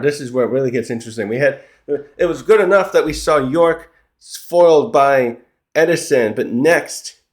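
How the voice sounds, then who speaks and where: A man casually recapping a comic chapter, rambling along with frequent restarts and little chuckles. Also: mid-range voice. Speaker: manga reviewer.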